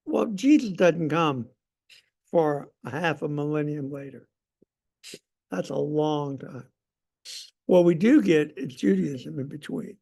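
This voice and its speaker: Warm in tone but gravelly and slightly raised, a man's voice sits on the high side as he leads a Sunday school lesson. He's animated yet slow, pausing frequently, talking with conversational emphasis and repeatedly breaking off to question his class.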